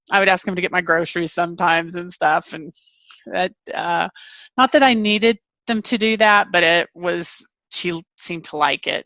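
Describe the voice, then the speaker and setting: A woman author and family caregiver answering interview questions candidly, with halting restarts. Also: lowish voice, vocal fry, pushed and bright, dry recording.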